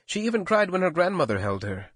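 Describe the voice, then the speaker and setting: A man reading a novel aloud in first person, with even, measured storytelling. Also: high-pitched, husky, no echo. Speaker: audiobook narrator. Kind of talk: scripted first-person narration.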